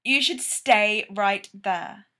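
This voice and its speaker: A woman voicing an excitable, wisecracking male character who talks in quick, breathless bursts. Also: mid-range voice. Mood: eager.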